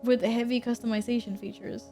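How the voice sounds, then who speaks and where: A woman's voice: on the high side, steady tone, brisk, dark tone, soft background music. Chatty woman streaming a game. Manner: chatty, reads and answers chat, laughs often. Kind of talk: casual gaming stream chat.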